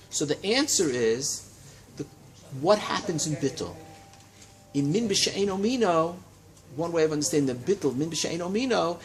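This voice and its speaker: A man teaching a Talmud class in a study hall, lecturing in a lively way and checking in with his students. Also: on the high side. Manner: animated, lively teaching with frequent check-ins and rising emphasis.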